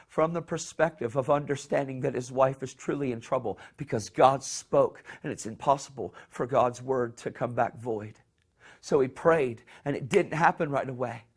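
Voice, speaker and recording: A man preaching a sermon with passion. He restarts and repeats phrases and shifts into soft, hushed voices when he acts out the people in his story. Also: medium pitch.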